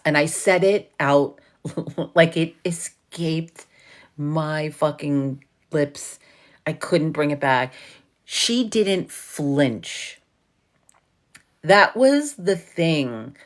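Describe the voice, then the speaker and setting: A woman's voice: low-pitched, very animated, very slow. A woman from New York with a New York accent, hosting a casual livestream chat and telling a story full of swearing and laughter. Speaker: livestream host.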